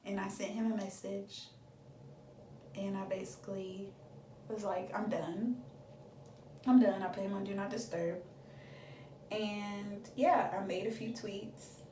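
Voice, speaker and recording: A woman's voice: mid-range voice, flat delivery, unhurried, pauses often, a little mellow, recorded from a distance, a little hiss or hum. A young woman in her twenties telling a dramatic storytime on her vlog, chatty and full of fillers. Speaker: beauty vlogger. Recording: echoey room, voice from off-mic.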